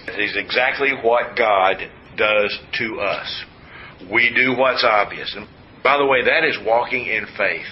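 A man's voice: on the low side, measured pace. A man from West Texas preaching a sermon, stressing and repeating key words with folksy asides, in a slightly muffled recording. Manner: emphatic, repetitive teaching with folksy asides. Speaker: pastor. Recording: slightly muffled with faint hiss.

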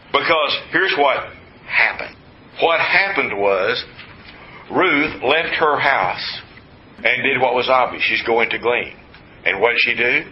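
Male pastor, from west texas, emphatic and repetitive, folksy asides, mid pitch, slightly muffled audio, faint hiss. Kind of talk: sermon.

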